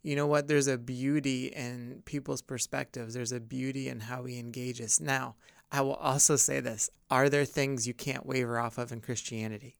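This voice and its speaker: A man with a gravelly yet smooth voice talks earnestly in a loose, rambling way, full of fillers and restarts. He is hosting a casual podcast discussion as a pastor. The sound is dry and close. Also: mid-range voice, level tone, moderate pace, no room sound.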